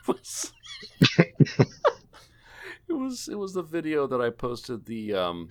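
A man's voice: mid-range voice, huge pitch swings, slow, clear, resonant tone. A man hosting a casual gaming podcast, rambling and joking with many fillers and restarts. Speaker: podcast host. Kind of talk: casual gaming podcast chat, wrapping up the show.

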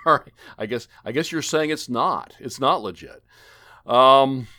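A man's voice: medium pitch, measured pace, sharp tone. A man hosting a casual gaming podcast, rambling and joking with many fillers and restarts. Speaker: podcast host. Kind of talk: casual gaming podcast chat, wrapping up the show.

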